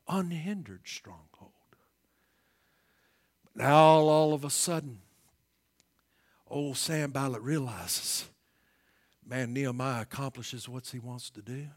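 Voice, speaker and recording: A male pastor preaching a sermon in a folksy way, asking the congregation questions and swinging from hushed whispers to loud emphasis. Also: medium pitch.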